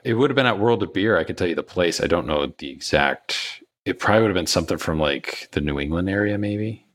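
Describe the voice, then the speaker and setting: A man with a very low voice asks his guest long, winding questions. He talks in a casual, conversational way and uses plenty of fillers. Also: expressive, fast talker, fairly bright tone. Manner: rambling questions full of fillers. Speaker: podcast host.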